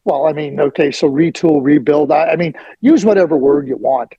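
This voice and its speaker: A man's voice: on the high side, moderate pace, creaky, slightly rough, no room sound, highs cut off. A middle-aged man giving blunt, emphatic hockey opinions as a guest on a sports radio interview.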